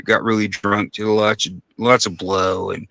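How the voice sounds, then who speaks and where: A man's voice: fairly low pitch, little pitch movement, unhurried, vocal fry. A man telling a long story in casual podcast talk, rambling and profane, acting out the voices of the people in it.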